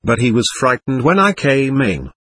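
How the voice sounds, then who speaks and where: A man voicing a soft-spoken young mother who talks quietly in a storybook reading. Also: mid-range voice, sing-song, moderate pace, slightly rough, no echo. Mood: hushed. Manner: quiet, hushed.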